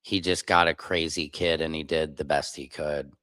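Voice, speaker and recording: A man's voice: rumbling low, fairly even intonation, normal speed, bright, forceful tone, dry recording. A man hosting a live stream, giving blunt, opinionated reaction commentary. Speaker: streamer host.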